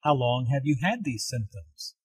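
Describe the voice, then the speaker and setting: A man playing a calm doctor who gives matter-of-fact, reassuring advice in a scripted dialogue for learners. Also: medium pitch, normal speed, husky, no echo. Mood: advising.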